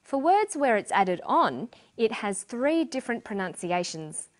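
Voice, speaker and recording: A woman narrating a scripted English lesson as a teacher, speaking clearly and deliberately. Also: on the high side, sing-song.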